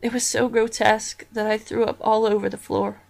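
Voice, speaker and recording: A woman reading a horror story aloud as narrator, in a slow, deliberate storytelling manner. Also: a little high, level tone, creaky.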